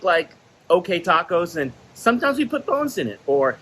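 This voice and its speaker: A man's voice: high-pitched, animated, normal speed, fairly bright tone, low-quality recording. A man casually telling personal stories in a monologue, laughing often and acting out the quoted exchanges. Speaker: vlogger sharing stories.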